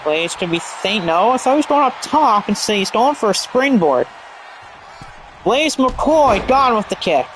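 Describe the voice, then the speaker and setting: A man calling a wrestling match play by play, energetic and shouting at big moves, often tripping over move names and correcting himself. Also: sits high, a little hiss or hum. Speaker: play-by-play commentator. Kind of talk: excited play-by-play commentary.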